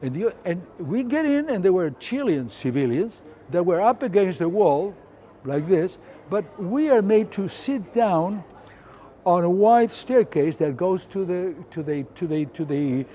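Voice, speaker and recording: A man's voice: sits high, measured pace. Older Argentine man telling a story. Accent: Argentine Spanish. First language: Spanish. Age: 70s. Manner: animated, acts out scenes with sound effects and quoted voices. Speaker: photographer telling his story. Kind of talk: personal storytelling.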